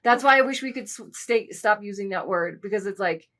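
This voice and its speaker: Woman, podcast co-host, candid casual talk, mid-pitched voice, conversational pace. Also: fairly quick, a bit bright. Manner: candid, talks through stories with frequent asides. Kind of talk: casual chat.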